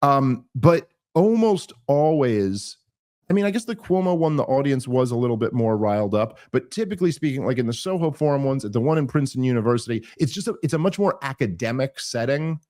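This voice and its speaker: A man hosting a podcast, telling a story in casual chat, animated and full of restarts and mocking asides. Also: medium pitch, a little fast. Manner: animated, mocking quoted voices, many restarts. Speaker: podcast host.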